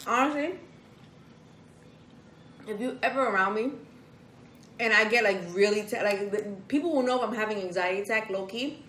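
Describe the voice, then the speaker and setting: A woman co-hosting a casual vlog while eating, animated and acting out the lines she quotes in quick bursts. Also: medium pitch, reverberant, slight background noise, poor audio. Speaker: vlog co-host.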